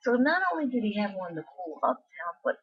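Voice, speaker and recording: Fast and sing-song, this vlogger's mid-range voice has a breathy edge. She chats casually, her meandering story full of asides and restarts, on a dull lo-fi recording.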